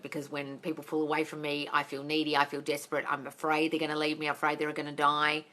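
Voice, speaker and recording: A woman's voice: low voice, steady tone, fast talker, hardly any pauses, bright, forceful tone. A woman manifesting coach answering viewer questions on a live stream, blunt and swearing, calling listeners darling.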